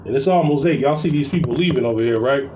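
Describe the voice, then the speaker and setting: A man telling a story in a casual, profane, animated way, venting to his viewers from his workplace. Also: medium pitch, fast. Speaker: vlogger. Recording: echoey, distant mic with faint background noise.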